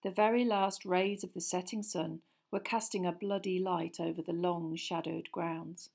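A woman reading an audiobook chapter in a hushed, suspenseful storytelling manner. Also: on the low side, fairly even intonation, moderate pace, gravelly. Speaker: audiobook narrator. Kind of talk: scripted narration.

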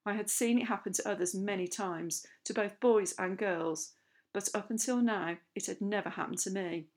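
A woman reads a children's novel aloud as first-person narration. Her delivery is lively and expressive, with a steady, clear storytelling tone. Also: medium pitch, normal speed. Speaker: audiobook narrator.

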